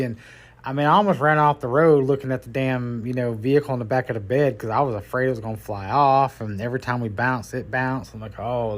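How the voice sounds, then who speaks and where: A middle-aged man tells stories from his working life in a loose, folksy, rambling way. His voice sits at an ordinary pitch. He keeps the tone casual, like a podcast host chatting. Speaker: podcast host and tow truck driver. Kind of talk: casual storytelling.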